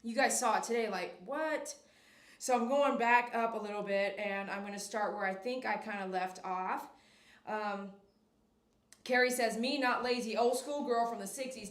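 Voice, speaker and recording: A dog groomer with a high voice hosts a casual livestream from her grooming shop, speaking at a normal speed as she reads viewer comments aloud, chats with them, and occasionally breaks into excited cheers. The room around her is echoey.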